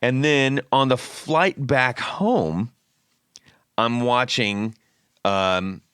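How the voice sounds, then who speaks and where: A man hosting a casual podcast, telling trip stories in an animated way with frequent laughs. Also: medium pitch, extremely slow, clean tone, no echo, clean studio sound. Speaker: podcast host.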